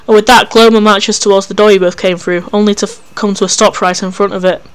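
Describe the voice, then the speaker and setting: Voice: medium pitch, level tone, fast, hardly any pauses, smooth. A narrator reading an interactive story game aloud in a wry, casual way, swearing freely.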